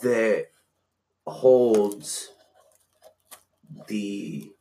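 A man's voice: lowish voice, extremely slow, gravelly, dark tone. Swearing young-sounding man chatting. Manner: casual, swearing, trails off into meta commentary. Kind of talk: casual chat.

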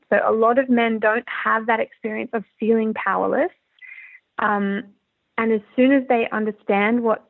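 Woman, from Australia, interview guest, earnest, rambling, gravelly, phone-line sound. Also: fairly high pitch. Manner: earnest, candid, rambling with restarts. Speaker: musician guest. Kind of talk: casual interview talk.

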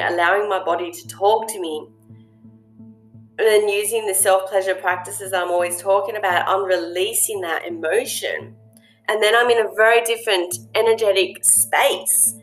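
A woman hosting a casual monologue, speaking earnestly and reflectively with plenty of ums and you-knows. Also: mid-range voice. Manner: earnest, reflective, lots of fillers. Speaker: host.

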